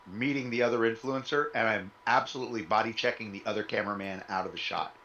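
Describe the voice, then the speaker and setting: A man's voice: on the low side, quick pace, fairly bright tone, highs cut off, slight background noise. A man playing in a tabletop game, playful and hesitant in character. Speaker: player.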